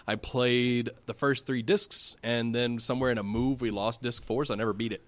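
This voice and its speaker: A man of middle pitch talks games in a loose, rambling way with a dry wit. His voice sits close to the mic in a dry, dead space. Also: normal speed, dry recording. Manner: relaxed and wry, with filler-heavy rambling. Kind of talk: casual chat about video games.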